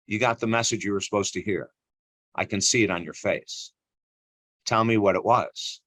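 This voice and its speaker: A man's voice: on the low side, moderate pace, a bit bright, no room sound, voice pushed down. A man voicing a stern older male priest who speaks in curt commands. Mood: knowing.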